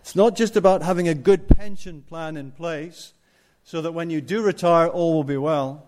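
A man's voice: fairly high pitch, moderate pace, a little mellow. A man preaching a sermon, stressing his points and putting rhetorical questions to the congregation.

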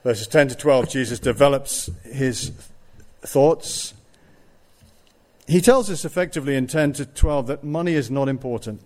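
A man's voice: mid-range voice, animated, unhurried, a little mellow. A man preaching a sermon, stressing his points and putting rhetorical questions to the congregation.

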